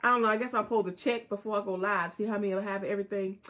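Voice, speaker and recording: A woman's voice: mid-range voice, fairly even intonation, racing, fairly bright tone. A woman hosting a casual live jewelry sale, chatting with viewers and repeating item codes. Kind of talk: casual live selling chat.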